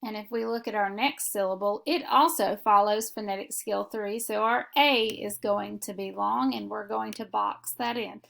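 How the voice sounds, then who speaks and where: A woman teaching a phonics lesson, explaining each step slowly and methodically. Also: mid-range voice, creaky, fairly bright tone. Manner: slow, deliberate, methodical explanation.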